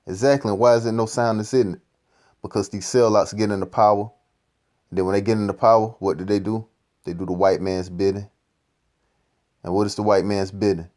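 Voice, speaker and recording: A man's voice: fairly low pitch, steady tone, a little fast, pauses often, darkish tone. A man giving profane, ranting scripture commentary, repeating "man" at the end of phrases. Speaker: street-style preacher commenting on a clip.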